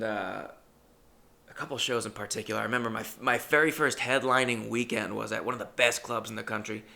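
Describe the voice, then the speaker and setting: A stand-up comedian telling stories in a casual, rambling way and swearing freely. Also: male voice, medium pitch, creaky, pushed and bright. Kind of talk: casual storytelling monologue.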